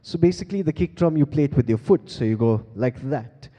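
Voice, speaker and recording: A man's voice: fairly high pitch, lively intonation, fairly quick, warm tone. A man teaching beatboxing from a conference stage, playfully quizzing the crowd on a handheld mic, laughing often. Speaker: beatbox performer teaching the audience. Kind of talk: live interactive stage workshop. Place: large conference hall stage. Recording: long hall reverb from a stage PA.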